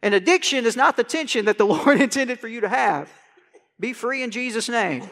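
A male pastor preaching a sermon to a congregation, swinging from quiet conversational asides to loud, rising proclamation. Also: very high voice, lively intonation, a little fast, gravelly. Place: church sanctuary. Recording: long church hall reverb.

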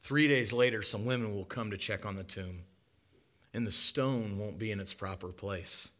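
A man preaching a sermon as a dramatic monologue, impassioned and swinging from loud to hushed. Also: on the low side, moderate pace.

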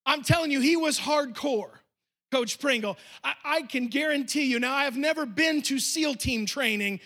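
High-voiced bright male pastor preaching. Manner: storytelling, emphatic, addressing the congregation. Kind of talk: sermon. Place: church.

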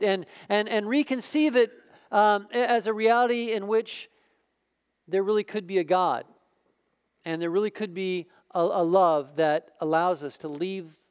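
Man, pastor, sermon, emphatic, smooth resonant voice, repeats phrases. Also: high-pitched. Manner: emphatic, repeats words as he builds a point.

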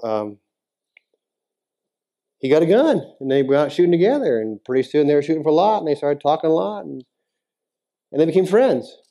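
A man preaching a sermon as a pastor in a church, talking casually with the congregation and then building to emphatic, near-shouted appeals. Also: mid-range voice. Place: church sanctuary.

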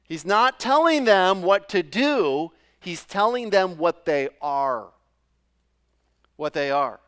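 Pastor guy from new england, high smooth voice, chatty sermon w lots of uhs and questions to the folks. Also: big pitch swings, slow pace, a bit bright. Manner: conversational, many fillers and restarts, asks the congregation questions.

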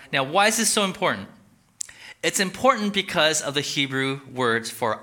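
A male pastor giving a conversational, animated sermon and asking the audience questions. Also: medium pitch, normal speed.

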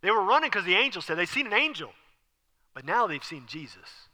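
A male pastor preaching a sermon in an animated, conversational way, recorded in an echoey hall. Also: high voice, a little fast.

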